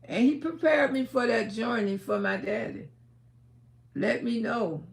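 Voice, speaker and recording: Livestream host, woman, high and gravelly, emphatic storyteller. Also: unhurried. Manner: emphatic, swings between hushed and shouting.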